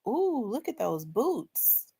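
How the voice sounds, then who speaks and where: A woman's voice: a little high, slow pace, gravelly, breathy edge. Chatty middle-aged woman hosting a livestream. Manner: animated, laughing, storytelling to the audience. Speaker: livestream host. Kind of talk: casual chat with viewers.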